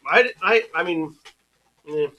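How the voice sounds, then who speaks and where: A man's voice: sits high, takes it slowly, highs cut off. A man with a Southern US accent, telling stories animatedly as a player in tabletop banter. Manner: animated storytelling, drawling. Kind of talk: casual tabletop game banter. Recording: noisy stream audio.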